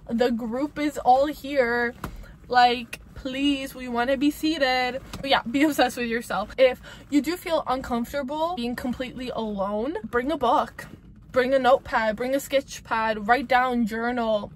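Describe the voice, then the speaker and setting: A woman's voice: on the high side, a little hiss or hum, rough recording. A young woman giving casual advice to camera, chatty and emphatic, full of "like" and "babes" and free with swear words. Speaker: vlogger giving breakup advice.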